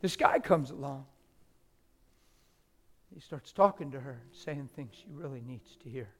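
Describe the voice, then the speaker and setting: A man preaching a sermon, dropping to hushed whispers and rising to loud, emotional exclamations. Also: mid-range voice, lively intonation, a little slow. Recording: long hall reverb with faint music.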